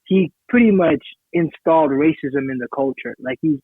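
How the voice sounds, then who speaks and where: A man's voice: on the high side, moderate pace, no room sound. A man from Haiti, chatting casually as a podcast co-host and explaining things at length with self-assurance. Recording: tinny phone-like sound.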